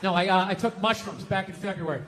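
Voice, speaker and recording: High-pitched, ranting stand-up comedian man. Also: fast, heavy background noise. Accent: Boston. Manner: loud, profane ranting with sudden shouts. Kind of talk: stand-up routine. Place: live comedy venue with audience laughter.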